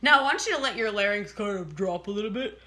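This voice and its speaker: A woman's voice: medium pitch, animated, fast talker, bright, forceful tone. A woman teaching a casual singing lesson, chatting and breaking off to demonstrate vocal sounds.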